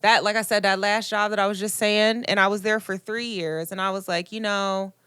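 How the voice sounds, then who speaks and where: A young woman co-hosting a casual podcast, talking in an animated, opinionated way with quick asides. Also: mid-range voice, smooth, no echo, studio quality. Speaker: podcast co-host. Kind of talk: casual chat.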